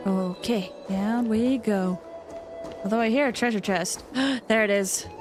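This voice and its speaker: A woman's voice: medium pitch, fairly even intonation, a little slow. A woman streamer giving casual, chatty commentary while playing, gushing and laughing often. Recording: game music under the voice.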